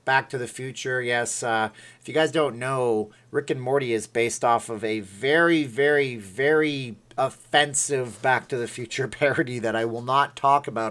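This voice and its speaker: A middle-aged man chatting on his own livestream in a loose, rambling way. He reads viewers' comments aloud and laughs at his own attempts. The tone is playful and unhurried. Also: medium pitch, a bit bright. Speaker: livestream host. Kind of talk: casual livestream chat.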